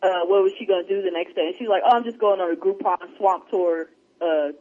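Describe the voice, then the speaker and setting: A man on a podcast in casual chat, telling stories with lots of energy and acting out what people said. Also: brisk. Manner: animated storyteller, acts out quotes in a higher voice. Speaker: podcast co-host. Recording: dull lo-fi sound.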